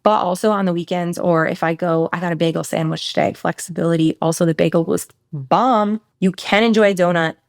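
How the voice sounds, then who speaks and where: This woman hosts her podcast alone and races through it, frank and salty, with offhand asides. Her voice sits on the lower side for a woman. The close mic sounds dry, with the room adding almost nothing. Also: no echo. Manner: fast, blunt, swears freely, animated asides. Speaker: podcast host, nutrition coach. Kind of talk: casual solo podcast Q&A.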